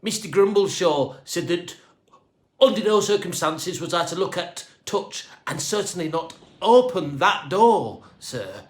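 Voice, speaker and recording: A man's voice: high-pitched, big pitch swings, unhurried, voice pushed up. A man voicing a timid young male caretaker in a storybook reading, who stutters nervously. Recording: echoey room.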